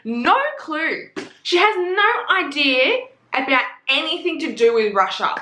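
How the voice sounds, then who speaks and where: A woman's voice: high voice, a little slow, roomy sound, a little hiss or hum. A young Australian woman with an Australian accent, gushing and swearing in a casual book review vlog. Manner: gushing, profane, excitable.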